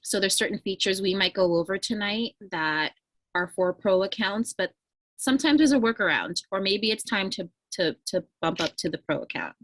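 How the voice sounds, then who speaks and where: A woman co-presenting a tutorial on a video call, relaxed and conversational. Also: mid-range voice, moderate pace, no echo. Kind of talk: casual online tutorial chat.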